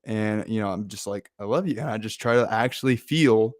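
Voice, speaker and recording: A man's voice: on the low side, normal speed, no room sound, clean studio sound. A man hosting a casual motivational talk, laid-back and chatty, with many fillers. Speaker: host.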